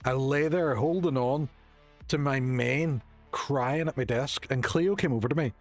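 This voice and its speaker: This streamer talks at a slightly slow pace in a mid-range voice while playing a game at his home desk. His casual gaming chat is jokey and self-mocking, and game music plays faintly in the background.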